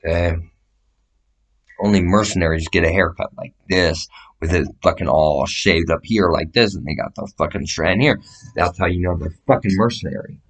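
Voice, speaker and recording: Male, low register, loose and profane, meandering vlog monologue delivered to camera. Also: normal speed. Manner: profane, meandering, gestures while describing sizes. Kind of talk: rambling casual monologue to camera.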